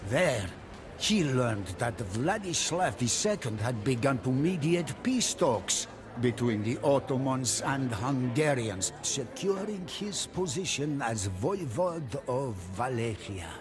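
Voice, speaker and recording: Man, game narrator, scripted storytelling, unhurried, medium pitch. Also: big pitch swings, a crowd in the background. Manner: slow, measured storytelling.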